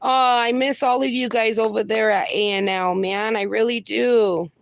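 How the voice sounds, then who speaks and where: A woman hosting a casual livestream from home, reading out viewer comments and greeting each person warmly with pet names like darling. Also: a little high, fairly even intonation, moderate pace, vocal fry, no room sound. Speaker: livestream host. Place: home with dogs.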